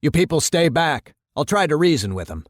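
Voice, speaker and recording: A man's voice: fairly high pitch, sing-song, brisk, no room sound, clean studio sound, pitched above the performer's own voice. A man reading the part of an anxious, officious policeman who barks urgent commands. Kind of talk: dramatic reading of a radio play.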